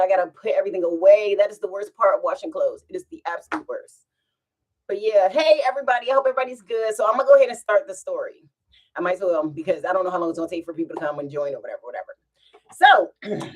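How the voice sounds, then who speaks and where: A woman vlogger, chatting casually at home and telling a rambling story with frequent laughs. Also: mid-range voice. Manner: animated, rambling, laughs often.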